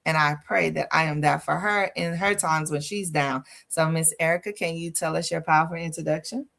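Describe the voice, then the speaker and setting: A woman hosting a livestream, coaching listeners in a lively, sassy way with frequent laughs. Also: deep voice, a little fast, creaky. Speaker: host. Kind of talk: casual livestream coaching talk.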